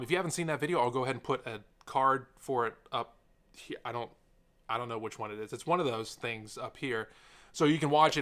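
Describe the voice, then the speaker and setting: Young guy vlogging to camera, bright voice, rambles and gets sidetracked, earnest, um and like everywhere. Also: mid-range voice. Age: young adult. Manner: rambling, sidetracked, many fillers; earnest and openly emotional. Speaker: tech YouTuber. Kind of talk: unscripted sit-down vlog. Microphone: camera mic, seated talking to camera.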